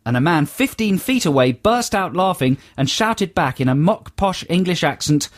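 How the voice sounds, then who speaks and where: A man's voice: a little high, expressive, normal speed, few pauses, no echo. A man co-hosting a casual radio show, reading listener emails aloud with dry, wry asides in a studio. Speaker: radio co-host.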